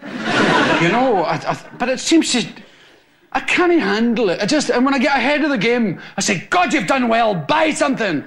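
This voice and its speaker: Scottish male comic, high, sing-song delivery, rambling live stand-up. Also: moderate pace. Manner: animated, rambling anecdotes with audience laughter. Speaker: stand-up comedian. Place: television studio with a live audience. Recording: loud hiss on an old TV recording.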